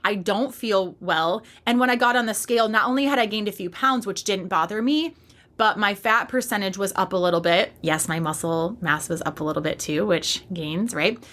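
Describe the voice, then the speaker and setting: A woman in her thirties speaks straight to her listeners in a solo podcast monologue. Her voice is bright and forward, and her delivery is emphatic, candid and fired up. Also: medium pitch, fairly quick. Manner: passionate, emphatic, candid with casual swearing. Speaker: podcast host and fitness coach.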